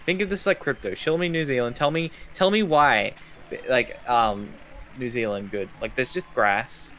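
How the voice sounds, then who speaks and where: A man's voice: mid-range voice, normal speed, a bit bright, a little hiss or hum. A man streamer in casual chat, crude and joking, trash-talking freely.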